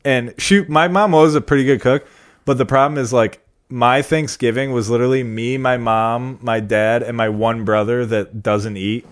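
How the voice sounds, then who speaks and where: A young male comedian chatting casually on a podcast, winding through long stories with plenty of swearing. His voice sits at an ordinary middle pitch. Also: fairly even intonation, normal speed. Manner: rambling, swearing, storytelling. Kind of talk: casual chat.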